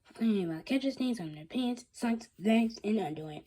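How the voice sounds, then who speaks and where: A woman reading a children's chapter book aloud, halting and restarting often. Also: a little high, lively intonation, mellow. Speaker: reader.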